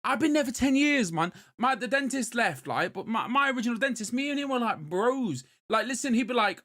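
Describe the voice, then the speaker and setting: A British man in his thirties, a podcast co-host telling a story in a casual chat, moving between loud bursts and muttered asides. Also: very high voice, lively intonation, brisk, few pauses.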